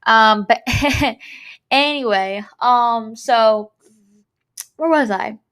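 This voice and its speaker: Woman podcast host, higher voice; blunt, heated personal storytelling with plenty of swearing. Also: a bit bright, clear, resonant tone. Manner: retells dialogue in quick back-and-forth.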